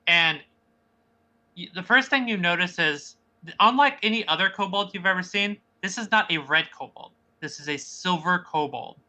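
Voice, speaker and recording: A casual game master narrating a fantasy scene in a very bright, clear voice. They ramble and restart, searching for the right words. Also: mid-range voice, lively intonation, normal speed. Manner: casual and rambling, with many fillers.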